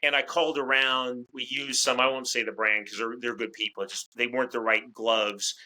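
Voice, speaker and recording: A man talking as a guest in a casual interview, chatty and quick to restart his words. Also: medium pitch, flat delivery, sharp tone, poor audio. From United States. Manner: talkative, repeats words as he restarts. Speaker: fight commentator, interview guest.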